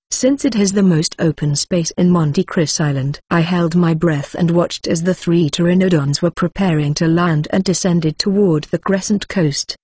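Husky, dry-sounding story narrator. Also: mid-range voice, no echo. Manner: plain, even storytelling with brief personal asides. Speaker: audiobook narrator. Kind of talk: first-person novel reading.

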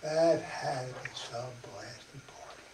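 A man with a mid-range voice and vocal fry talks at a slow pace, presenting to a parish study group in a church meeting room. His folksy chat includes acted-out dialogue and laughter, captured distantly in an echoey hall with faint hiss.

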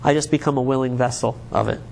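A man's voice: mid-range voice, steady tone, quick pace, gravelly, darkish tone, slight background noise. A man from the United States, a pastor preaching a sermon in an earnest, conversational way, often restarting his words.

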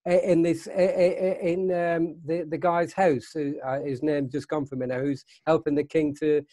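Man, fairly high voice, halting chatty guest, dry close sound. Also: flat delivery, warm tone, no echo. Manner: hesitant, many fillers and restarts. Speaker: guest in a church discussion. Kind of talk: casual chat.

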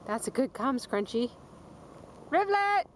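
Casual hiking vlog narration from a woman on a forest and dune trail: medium pitch, normal speed, out of breath, chatting and calling her dogs. It's a low-quality recording from a handheld camcorder mic, with steady background noise outdoors.

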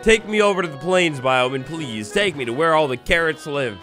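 A man's voice: fairly high pitch, expressive, moderate pace, few pauses, loud music behind the voice. A young man giving playful, theatrical commentary while playing a survival video game, talking to the animals and villagers he meets. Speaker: gaming YouTuber. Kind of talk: Minecraft let's play commentary.

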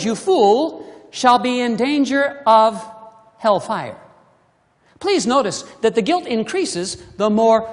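A preacher delivering a sermon, with emphatic delivery and many rhetorical questions to the congregation, swinging between loud emphasis and hushed asides. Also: medium pitch. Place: church sanctuary. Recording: long reverb of a church hall.

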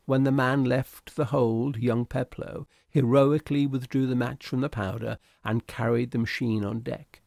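A man reading a classic short story aloud in a steady, deliberate storytelling manner. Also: mid-range voice, gravelly, no echo, studio quality. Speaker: reader. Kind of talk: audiobook narration of a classic story.

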